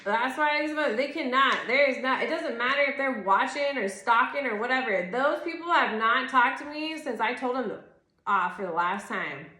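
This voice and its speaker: A woman's voice: high voice, expressive, normal speed, bright, forceful tone. Exasperated, swearing woman in an echoey room. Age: 30s. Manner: rambling, exasperated and profane, full of "like". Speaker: tarot reader. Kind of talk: casual tarot reading rant.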